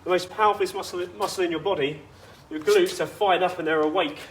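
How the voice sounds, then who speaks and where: A man's voice: high voice, steady tone, brisk, a little hiss or hum. A man coaching a workout outdoors, chatty and instructive with personal asides. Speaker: fitness coach.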